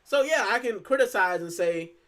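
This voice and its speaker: A man's voice: high-pitched, animated, normal speed, fairly bright tone. A man from Puerto Rico hosting a football fan channel, talking casually and with animation, full of fillers and "bro". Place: lives in the UK.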